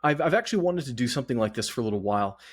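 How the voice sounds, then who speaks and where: Guy hosting his podcast solo, a bit out of breath, husky voice, rambly and jokey about himself. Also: medium pitch, animated, rapid-fire. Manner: chatty, self-deprecating, rambling. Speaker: podcast host. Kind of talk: casual solo podcast monologue.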